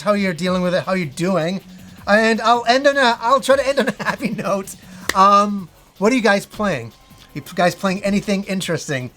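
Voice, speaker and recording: A middle-aged man with a fairly high voice speaks casually to his viewers, short of breath and stumbling through restarts and fillers. Faint music plays behind him. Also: a bit bright. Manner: halting, with frequent restarts and fillers. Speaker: gaming channel host. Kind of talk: casual personal talk to viewers.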